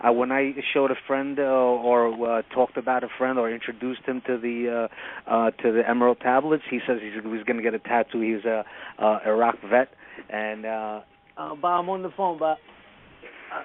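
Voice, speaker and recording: A male caller speaks haltingly and keeps stopping on "uh". His delivery stays level, with little rise or fall. The sound comes thin and phone-like, a little away from the mic. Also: medium pitch. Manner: halting, full of uh's. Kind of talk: call-in talk show chat. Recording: flat phone line, distant from the mic.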